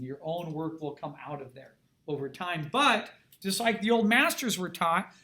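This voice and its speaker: A man's voice: a little high, a bit bright. A man teaching an art lesson in an enthusiastic, conversational way, often asking his students questions. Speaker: art instructor. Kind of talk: recorded video lesson.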